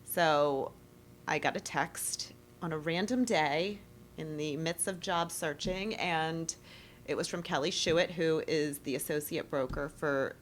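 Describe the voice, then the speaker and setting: Middle-aged woman from Maryland, guest, chatty, lowish voice, faint rumble. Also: a little slow. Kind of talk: casual interview chat.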